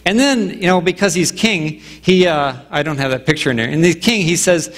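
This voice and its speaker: A man's voice: on the high side, fast, few pauses, in a large hall. A man pastor preaching a sermon in a conversational way, acting out little asides and asking rhetorical questions of the congregation. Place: church sanctuary.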